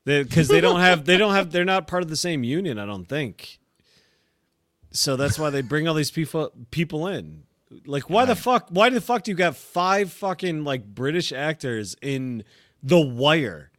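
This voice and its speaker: A man's voice: a little high, lively intonation, moderate pace, fairly bright tone, no room sound. A man co-hosting a casual podcast, ranting with lots of swearing. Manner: profane, ranting. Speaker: podcast co-host. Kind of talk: casual chat.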